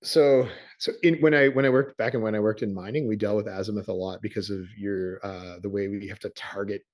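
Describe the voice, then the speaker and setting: A man co-hosting a podcast in casual chat, quick to laugh and wander into excited tangents. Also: lowish voice. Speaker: podcast co-host.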